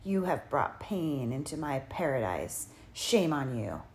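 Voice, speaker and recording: A woman voicing a sinister ancient male spirit who steals time, speaking slowly with a rasping, coaxing menace in an audiobook. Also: extremely low pitch, big pitch swings, a little mellow, a little hiss or hum, exaggerated voice. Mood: mournful. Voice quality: rasping, creaking. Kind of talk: audiobook character voice.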